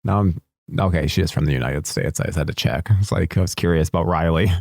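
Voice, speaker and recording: A man's voice: low-pitched, quick pace, vocal fry, a little mellow, dry recording, studio quality. A man co-hosting a podcast, chatting casually about a movie, rambling and swearing now and then. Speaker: podcast co-host.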